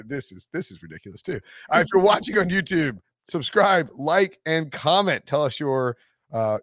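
A man hosting a sports betting podcast, talking in a jokey, animated way and laughing often. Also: medium pitch, no room sound, studio quality. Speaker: podcast host. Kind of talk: casual sports betting chat.

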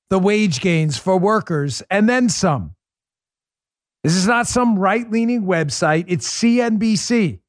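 A man's voice: sits high, no room sound, clean studio sound. A man hosting a political talk show, delivering an emphatic, sarcastic monologue full of rhetorical questions.

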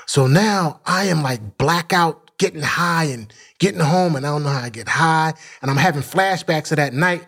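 Animated Philadelphia man telling his story. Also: on the high side, moderate pace, few pauses. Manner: animated, acts out quoted voices, swears freely. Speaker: podcast guest. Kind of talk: storytelling in an interview.

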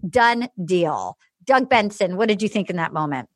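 A woman hosting a podcast in casual chat, acting out quotes with animated delivery. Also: mid-range voice, normal speed, dry recording. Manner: animated, acts out quotes from the show. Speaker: podcast host.

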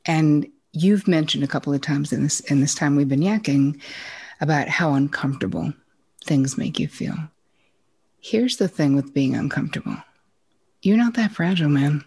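A woman's voice: low voice, normal speed, pauses often, mellow, husky. A woman speaking as a guest therapist on a podcast, frank and blunt as she gives advice. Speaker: guest psychotherapist. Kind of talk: podcast conversation.

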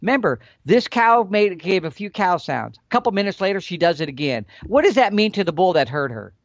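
Animated folksy man teaching elk calling. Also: high voice, brisk, dry recording, dull audio. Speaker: elk hunting instructor. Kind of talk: explaining elk calling tactics.

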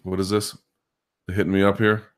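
Man, deep voice, podcast host, live chat, talks it through, many restarts. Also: level tone, a little fast, clear, resonant tone. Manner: thinking aloud, frequent restarts and hedging. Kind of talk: casual live chat commentary.

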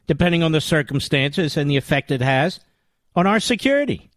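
A man's voice: on the high side, lively intonation, a little fast, no echo. A man hosting a political talk radio show, delivering a combative, indignant monologue with emphatic repetition.

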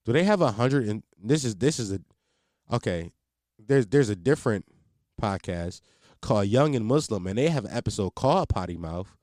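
A man in his twenties hosts his own podcast, chatting casually on his own in a rambling, profane way full of restarts. His voice is on the low side and darkish, animated, at a normal pace. A close podcast mic in a home setup gives a dry, studio-quality recording.

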